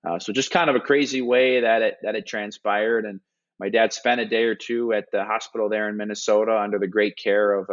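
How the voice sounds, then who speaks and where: A hockey analyst in an interview, retelling a story earnestly and animatedly, with frequent restarts and filler words. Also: male voice, on the low side. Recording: dull lo-fi audio.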